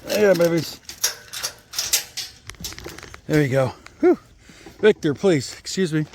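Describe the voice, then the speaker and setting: High-voiced man chatting on his homestead. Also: expressive, slow pace, background noise. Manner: coos at goats in a high sing-song, chatty asides to camera. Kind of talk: casual vlog narration while feeding animals. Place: outdoors at a goat pen.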